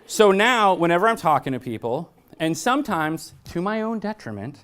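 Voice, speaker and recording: A blunt, joking man giving a staff training talk. His pitch swings in a lively way as he tells stories. He keeps asking the audience questions. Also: moderate pace, a little hiss or hum. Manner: asks the audience frequent questions. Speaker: workshop presenter.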